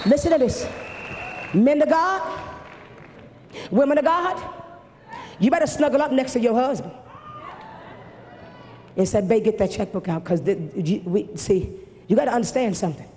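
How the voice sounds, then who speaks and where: Her voice a little high and expressive, this woman preacher gives a fervent, repetitive-cadence sermon at a moderate pace, leaving long pauses and keeping a warm tone. A faint crowd can be heard at the live camp meeting, recorded in a large, echoing church hall with slight noise.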